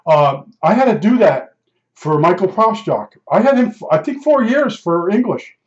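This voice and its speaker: An older man telling a rambling personal story in a spoken monologue, halting often and restarting his sentences. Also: high-pitched, sing-song. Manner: meandering, halting, with many restarts and fillers. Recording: dull lo-fi recording.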